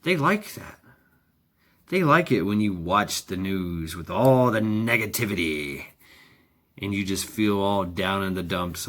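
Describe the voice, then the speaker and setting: A man's voice: deep voice, animated, unhurried, a bit bright. A man talking in a casual, rambling monologue, sardonic and profane, chuckling often. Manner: wry. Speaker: vlogger.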